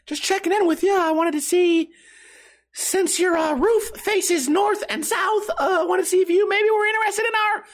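A man voicing a hesitant door-to-door solar panel salesman who stammers through his pitch. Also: steady tone, normal speed.

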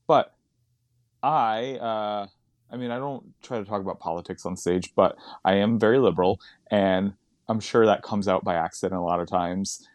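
A man's voice: lowish voice, normal speed, no room sound. A man who does stand-up comedy, chatting casually on a podcast, rambling and laughing often as he digresses.

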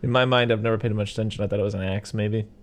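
Low-voiced young man chatting casually. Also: rapid-fire. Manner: relaxed, swears casually, acts out quotes. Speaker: podcast co-host. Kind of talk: casual movie discussion.

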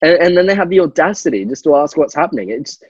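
A man's voice: on the high side, sing-song, fast, slightly rough, no room sound, dull audio. An Australian man hosting a radio show, ranting in exasperation about everyday annoyances in casual banter. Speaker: radio host.

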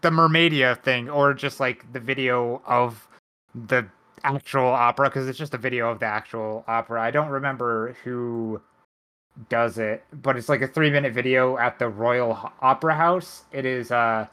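A man's voice: medium pitch, fairly even intonation, normal speed, bright, forceful tone, clear, resonant tone. A man hosting a casual podcast, dryly walking through details from his notes. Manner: dry, nerdy, explains details from notes. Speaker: podcast host. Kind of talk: casual chat.

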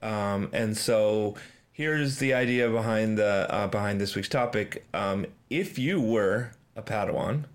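A man's voice: fairly low pitch, a little slow. A man hosting a casual podcast chat, hesitant, with many ums and restarts. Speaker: podcast host.

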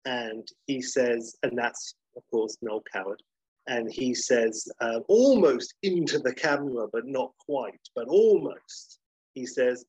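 A man's voice: mid-range voice, takes it slowly, darkish tone, slightly rough, dry recording, muffled recording. A man co-hosting a podcast in casual chat, rambling and correcting himself as he goes. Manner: rambling, self-correcting, enthusiastic. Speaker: podcast co-host.

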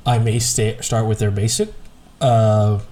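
A man co-hosts a casual podcast chat about whiskey, speaking in a lowish, warm voice with a flat delivery and a slightly slow pace. He rambles easygoingly with many hesitations, and a little hiss or hum sits under the recording.

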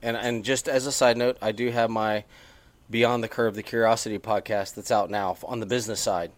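A man's voice: fairly low pitch, fairly even intonation, a little fast, no echo. Man, podcast co-host, chatty and rambling, dry close sound. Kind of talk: casual podcast chat. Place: on a porch.

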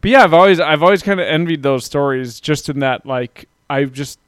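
A man's voice: fairly high pitch, brisk, clear, resonant tone, dry recording, clean studio sound. A man hosting a casual podcast chat, talking loosely and reading out listener comments. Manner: chatty, self-deprecating, reads out listener comments. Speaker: podcast host.

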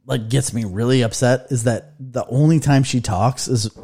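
A man co-hosting a casual podcast chat, jokey and animated, breaking into silly voices. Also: mid-range voice, moderate pace, breathy edge. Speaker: podcast co-host.

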